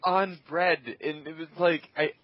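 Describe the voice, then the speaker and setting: A man's voice: a little high, little pitch movement, unhurried, dry recording. A man co-hosting a podcast, chatting casually and rambling as he restarts his sentences. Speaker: podcast co-host. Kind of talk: casual chat. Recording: dry, dull lo-fi sound.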